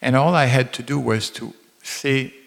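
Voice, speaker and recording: A man casually telling a personal anecdote, animated and chuckling as he quotes others. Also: medium pitch, normal speed, gravelly, long reverb tail. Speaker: devotee telling a personal story.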